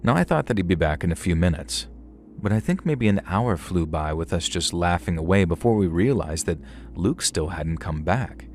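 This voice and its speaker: Deep-voiced man telling a creepy story. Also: expressive, slight background noise. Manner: wry, conversational, measured. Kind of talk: scripted horror story narration.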